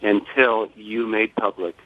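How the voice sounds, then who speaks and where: An older man and grieving father speaking on a phone-in interview, measured, formal and deliberate. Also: lowish voice, little pitch movement. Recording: tinny phone line.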